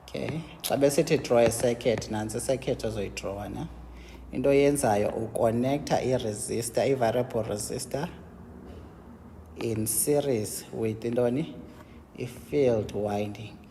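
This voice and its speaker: A man with a South African Xhosa accent teaching an engineering lesson, mixing English and Xhosa, explaining step by step and answering his own questions with quick checks like "yabo?". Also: medium pitch, dark tone, long reverb tail, slight background noise. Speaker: engineering lecturer.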